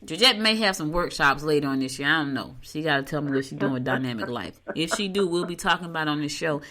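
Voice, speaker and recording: Brief: woman, middle-aged, podcast host, bright forward tone, chatty and folksy. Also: deep voice, fast. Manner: folksy, animated storytelling with Southern US speech. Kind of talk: casual chat.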